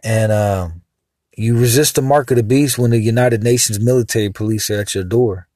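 A man's voice: on the low side, moderate pace, dark tone, no room sound. A man hosting a podcast in a casual, rambling monologue, heated and cursing now and then. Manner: rambling and heated, with vulgar asides. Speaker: podcast host.

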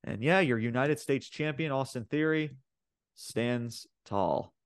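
Male podcast co-host, casual and profane, lots of "um" and "like", middle pitch, dry recording. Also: slow pace, clear, resonant tone, no room sound. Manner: profane, laughing, heavy fillers. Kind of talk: casual wrestling podcast chat.

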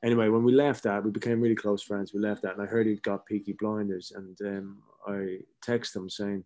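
Low-voiced actor, candid and swearing. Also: male voice, a little fast, hardly any pauses. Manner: candid, swears freely, animated anecdotes. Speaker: actor guest. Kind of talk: casual interview storytelling.

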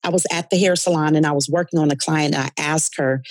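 A woman's voice: sits low, fairly even intonation, quick pace, dry recording. Earnest woman telling spiritual stories. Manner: earnest, explains with conviction. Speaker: podcast guest, spiritual intuitive. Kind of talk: storytelling conversation.

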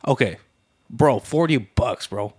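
A man's voice: mid-range voice, unhurried, slightly rough. A man who is a father, chatting casually as a podcast co-host, swearing freely, tacking "bro" onto every phrase and acting out voices in his stories. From Mexican heritage. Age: adult father. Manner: profane, peppers speech with "bro"; animated storyteller, acts out voices with laughter. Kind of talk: casual chat.

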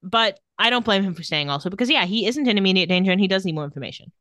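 A woman's voice: mid-range voice, racing, no room sound. A woman co-hosting a podcast, chatting casually as she recaps a TV episode and acts out the lines in put-on voices. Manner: animated, quotes characters in put-on voices. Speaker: podcast co-host.

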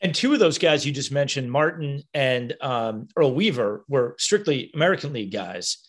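A man's voice: medium pitch, expressive, moderate pace. A man hosting an interview, asking long, winding questions full of fillers. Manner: curious, long rambling questions with many fillers. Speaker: podcast interviewer. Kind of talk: conversational interview.

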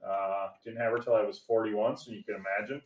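A man's voice: lowish voice, fairly even intonation, brisk, reverberant, distant mic, poor audio. A man in his forties co-hosting a podcast, joking in casual chat with crude, self-mocking banter. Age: 40s. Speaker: podcast co-host.

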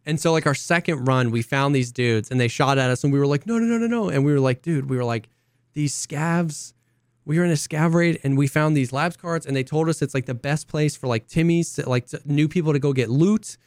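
A young man co-hosting a casual podcast, an excitable storyteller who acts out quotes in high voices. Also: brisk, clear, resonant tone, no echo, studio quality. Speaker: podcast co-host. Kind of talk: casual chat.

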